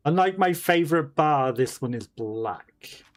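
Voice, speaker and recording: A man hosting a let's play, reading in-game letters and clues aloud haltingly, with fillers and self-corrections. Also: on the high side, lively intonation.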